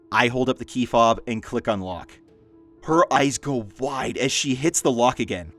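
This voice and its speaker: A man reading funny stories aloud in a lively storytelling manner, with dry asides. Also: medium pitch. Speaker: story narrator.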